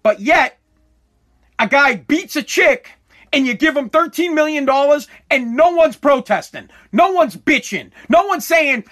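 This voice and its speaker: A man's voice: very high voice, lively intonation, unhurried, a bit bright. A man livestreaming to his chat, ranting in a fiery, profane way and repeating himself as he works up steam. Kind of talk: heated ranting commentary to live chat.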